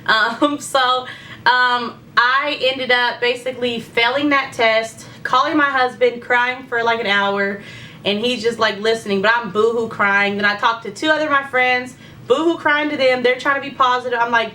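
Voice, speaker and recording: High bright chatty woman vlogger. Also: fairly even intonation, normal speed, far from the mic, slight background noise. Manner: chatty, many fillers, candid and faith-focused. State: heartburn, secretly burping. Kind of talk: casual pregnancy update chat.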